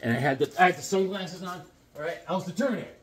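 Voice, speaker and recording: A man in his fifties chatting casually about comic books to his viewers in a jokey, rambling, excitable way. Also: high voice, racing, breathy edge. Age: 50s. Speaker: comic book vlogger. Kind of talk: casual chat to camera.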